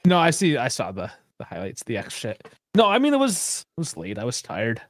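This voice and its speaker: A man's voice: mid-range voice, wildly swooping pitch, a little fast, no room sound, clean studio sound. A man hosting a sports podcast, bantering casually and swearing loosely. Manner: loose, profane banter with frequent laughs. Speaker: podcast host. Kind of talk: casual chat.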